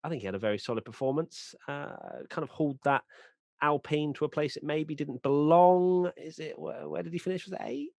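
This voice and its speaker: A man's voice: fairly high pitch, a little fast, gravelly, no echo. A British man hosting a casual podcast chat, leading the talk and teasing his co-hosts. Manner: lively, teasing, leads the grading. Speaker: podcast host.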